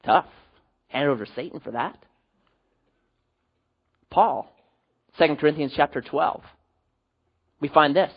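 A man preaching a sermon as pastor, animated with sudden drops to quiet. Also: fairly high pitch, unhurried, pauses often, slightly rough, muffled recording.

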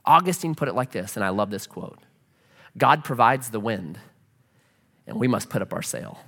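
A male pastor preaching a sermon in a church, animated and acting out quoted voices as he speaks. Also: fairly low pitch, moderate pace.

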